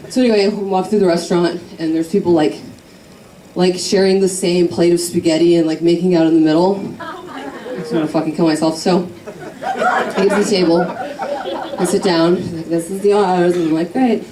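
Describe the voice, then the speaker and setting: A woman's voice: on the low side, normal speed, crowd noise. A young woman doing a stand-up set on a club stage, telling a rambling, self-deprecating story with crude jokes while the audience laughs. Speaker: stand-up comedian. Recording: roomy club audio from a distance.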